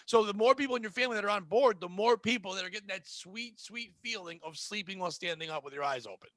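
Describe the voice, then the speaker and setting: A man's voice: high voice, fast, pushed and bright, no echo. A man hosting a comedy podcast who tells stories casually, swears freely and acts out the people he quotes.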